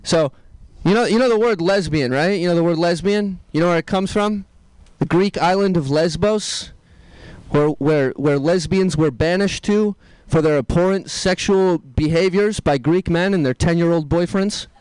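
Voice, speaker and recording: A man doing a stand-up comedy set, telling dark jokes deadpan and tossing asides to the crowd. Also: high voice, normal speed, clean tone, no echo, poor audio.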